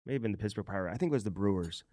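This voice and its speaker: A man's voice: lowish voice, animated, rapid-fire, dark tone, no echo, clean studio sound. A man co-hosting a sports podcast, telling rambling anecdotes full of fillers. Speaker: podcast co-host. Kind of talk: casual sports chat.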